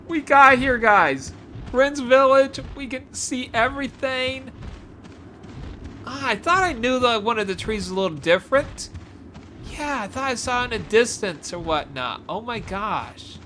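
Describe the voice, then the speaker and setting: A woman narrates her gameplay with wide swings in pitch, slowly and brightly, excited at every discovery. A faint hum of game noise sits behind her voice. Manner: excitable, gasping, says "oh my gosh" often. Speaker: gameplay video creator.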